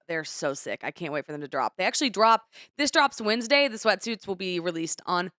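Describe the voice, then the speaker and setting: A woman's voice: fairly low pitch, sing-song, brisk, pushed and bright, no room sound, studio quality. A young adult woman co-hosting a podcast in casual chat, candid and rambling as she opens up. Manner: candid, rambling, emotional retelling. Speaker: podcast co-host.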